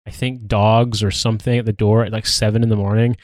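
A man's voice: on the low side, flat delivery, quick pace, darkish tone, dry recording, studio quality. A man from the United States co-hosting a podcast, chatting casually with sardonic, sweary jokes. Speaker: podcast co-host. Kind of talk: casual comedic chat. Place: home recording room.

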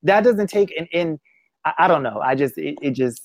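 A man's voice: fairly high pitch, animated, no room sound. Emotional man in a dry, close recording. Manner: emotional, halting, many restarts. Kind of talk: casual conversation.

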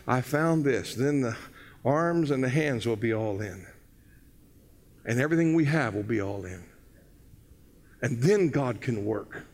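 A older man preaching a sermon, telling stories with energy that swings from loud to hushed. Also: on the high side. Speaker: pastor. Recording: long hall reverb.

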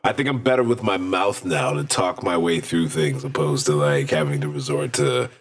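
A man's voice: low-pitched, lively intonation, normal speed. Laughing, profane male storyteller. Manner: profane, laughing storyteller who acts out voices in quotes. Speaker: podcast co-host. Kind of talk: casual chat, storytelling.

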